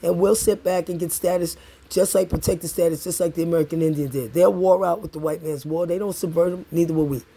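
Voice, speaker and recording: Man, husky dark tone, angry repetitive accusing rant. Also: on the high side, fairly even intonation, fast. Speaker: tenant confronting building super.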